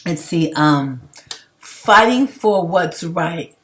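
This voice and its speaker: This livestream commentator has a voice on the low side, a bit bright, at normal speed. She's outspoken as she reads viewer comments, offering casual, emphatic takes and laughing between them.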